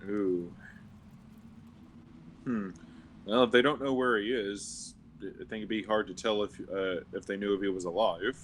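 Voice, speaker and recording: A man's voice: on the low side, steady tone, measured pace, pauses often, a little hiss or hum. Stammering man playing a tabletop game. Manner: hesitant, stammers and repeats words. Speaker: player. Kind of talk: casual tabletop game chat. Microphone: own microphone over an online call.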